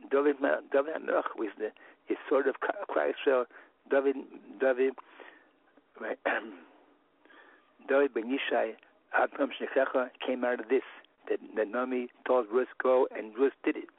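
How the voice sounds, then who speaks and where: A man giving a Torah lesson, halting and repeating himself with many restarts. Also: mid-range voice, steady tone. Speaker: religious teacher. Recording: phone-like line.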